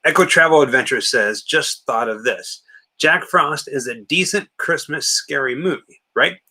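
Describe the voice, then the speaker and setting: A man's voice: mid-range voice, normal speed, bright, forceful tone. A man co-hosting a late-night movie watch-party stream, chatting casually and reading out viewer comments before answering them. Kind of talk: casual live-stream chat.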